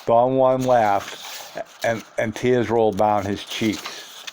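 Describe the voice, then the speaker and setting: Low-voiced man reading a memoir. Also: slow pace, a little mellow. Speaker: audiobook reader. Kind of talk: first-person book narration.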